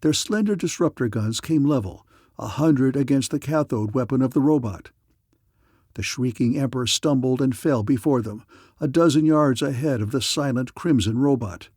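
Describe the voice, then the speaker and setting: A man narrating a science fiction audiobook in a dramatic, measured manner. His voice sits at a middle pitch, and the recording is dry and close, with no room sound. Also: a little mellow, dry recording.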